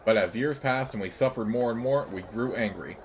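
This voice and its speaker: A man voicing an old, bitter female servile rebel leader, speaking slowly in halting, broken phrases. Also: medium pitch, lightly acted. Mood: grim.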